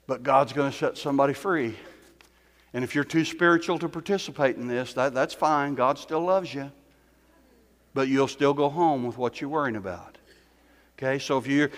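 A man with a high-pitched voice delivers a sermon in a church. He shifts from soft, conversational teaching to loud, fervent exhortation. The sound carries a long hall reverb. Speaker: preacher.

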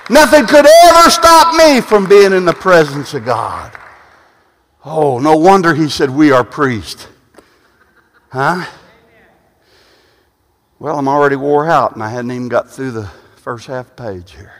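A man preaching a sermon, often repeating and restarting phrases and building to loud peaks. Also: on the high side, animated, measured pace, pauses often. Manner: repetitive, restarting phrases, rising to shouts at peaks. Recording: long hall reverb.

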